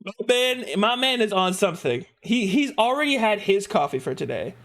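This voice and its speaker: A man streaming live and chatting casually, animated, laughing often and swearing freely. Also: sits high, moderate pace.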